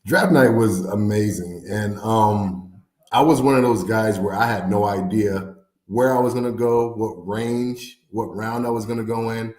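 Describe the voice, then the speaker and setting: Man, former athlete guest, lowish voice, animated storytelling, roomy echo. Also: a little slow. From Fort Wayne, Indiana. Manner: animated storyteller, acts out quotes, laughs often. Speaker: former NFL player, guest. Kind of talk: storytelling interview. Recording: echoey room.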